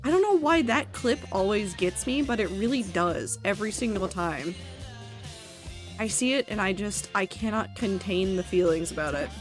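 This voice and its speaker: Woman game streamer, casual and chatty, mid-pitched, faint music underneath. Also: lively intonation, moderate pace. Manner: chatty, giggly, reads chat aloud. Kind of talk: casual gaming stream chat.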